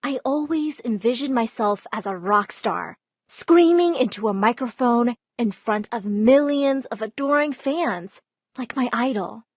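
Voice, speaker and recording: A woman narrating a first-person storytime in a lively, dramatic way. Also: fairly high pitch, dry recording.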